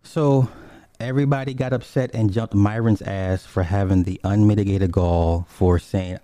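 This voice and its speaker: A man giving a rambling, profane, casual commentary, slipping into quick voices when he quotes people. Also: low-pitched, steady tone, mellow, dry recording. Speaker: commentator on online streamers.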